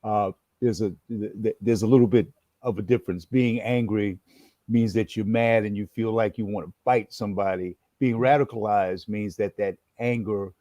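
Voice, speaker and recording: A man in his sixties, from New York, telling a story in an interview. His voice is low and mellow, and he acts the story out with animated energy. The sound is dry and close. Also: normal speed, dry recording. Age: 60s. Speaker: guest, former activist and educator.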